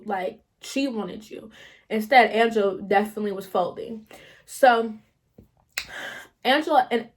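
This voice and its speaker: A young woman vlogger telling a story in a casual, slangy, animated way, swearing freely. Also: medium pitch.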